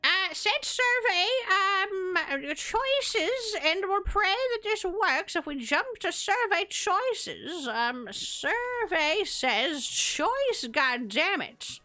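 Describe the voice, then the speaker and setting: A woman's voice: extremely high pitch, big pitch swings, extremely slow, hardly any pauses, sharp tone. Woman through a granny voice changer. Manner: exasperated, swearing, laughing. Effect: old-woman voice changer. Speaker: streamer and game developer. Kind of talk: casual live-stream chat while coding. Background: faint background music.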